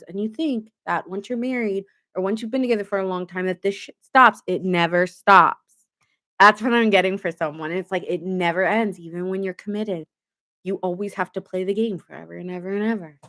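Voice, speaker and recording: A woman's voice: medium pitch, a little fast. A woman giving a casual live tarot reading, chatty and often laughing as she acts out what people say. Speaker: tarot reader streaming live.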